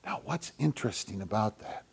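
A man giving a children's sermon as pastor, in a gentle, conversational way, often clearing his throat. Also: lowish voice, lively intonation, fairly quick.

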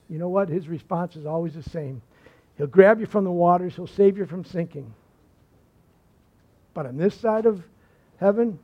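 A pastor preaching a sermon, swinging between forceful emphasis and hushed, soft lines. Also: male voice, high voice, dull audio.

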